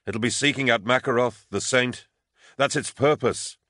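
A man's voice: medium pitch, moderate pace, pushed and bright, no room sound, clean studio sound, voice pushed up, lightly acted. A man voicing a grim, driven male commander who barks urgent orders.

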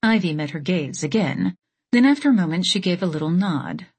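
A woman narrates an audiobook with a husky, slightly breathy voice set low. Her reading is steady and measured, with an even, unhurried flow. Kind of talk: scripted narration.

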